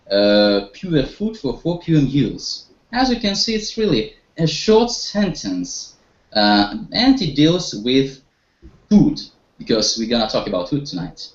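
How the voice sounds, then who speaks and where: A male English teacher runs a group lesson over a video call, coaxing his students with questions and praise. His intonation swings widely. The audio is dull and roomy with noticeable echo. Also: on the high side. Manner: encouraging, leads students with questions, some hesitations.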